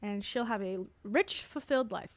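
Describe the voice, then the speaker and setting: A woman's voice: medium pitch, normal speed, no room sound. A woman hosting casual reaction commentary, sarcastic and chatty, often laughing as she talks. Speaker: commentary channel host.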